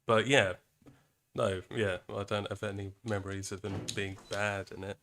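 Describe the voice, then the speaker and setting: A British man chats easily on a stream, agreeable and relaxed. His voice is on the low side. A faint noise sits under the recording. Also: moderate pace. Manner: easygoing, agreeable, with laughs. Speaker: streamer co-host. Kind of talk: casual chat.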